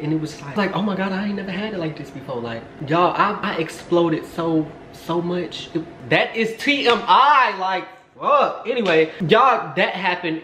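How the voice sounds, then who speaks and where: A man's voice: medium pitch, fairly bright tone, slight background noise. A young man vlogger telling a candid, rambling storytime in a casual way, full of fillers. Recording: echoey room.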